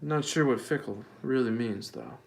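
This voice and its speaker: A man hosting a casual livestream, answering chat questions with deadpan, mock-earnest rambling. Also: medium pitch, normal speed, gravelly, slight background noise. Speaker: livestream host.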